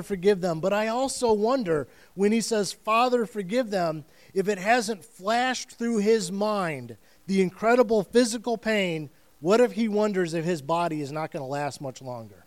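Male pastor, high voice, earnest preaching, repeats phrases. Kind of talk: sermon.

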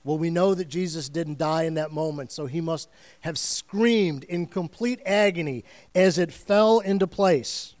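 A man's voice: on the high side, measured pace, a little mellow. A man preaching a sermon as pastor, telling the story in earnest and vivid detail and repeating phrases for weight.

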